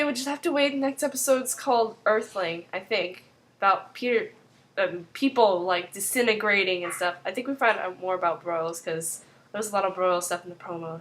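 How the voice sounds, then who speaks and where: A woman's voice: medium pitch, fairly quick, fairly bright tone, a little hiss or hum. A young woman casually recapping a TV episode in a vlog, chatty and leaning on "like" throughout. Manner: chatty, fills with 'like' constantly.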